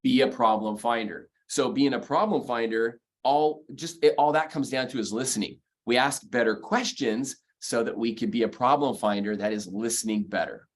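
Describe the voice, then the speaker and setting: A man's voice: medium pitch, normal speed, few pauses. Motivational man drilling numbered sales points. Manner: emphatic, repeats key phrases, counts off numbered points. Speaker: mortgage sales coach. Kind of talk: motivational sales training talk.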